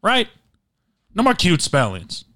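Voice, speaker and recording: A man's voice: sits high, wildly swooping pitch, slow pace, bright, forceful tone. A man co-hosting a podcast, riffing and joking in casual comedic banter into a studio microphone. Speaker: podcast co-host. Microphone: dry studio microphone.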